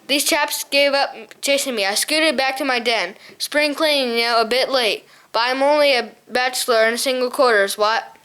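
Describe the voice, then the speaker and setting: Woman voicing a male hare, eccentric, upper-class, jolly banter, high voice, storybook reading. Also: normal speed, hardly any pauses, fairly bright tone, clear, resonant tone.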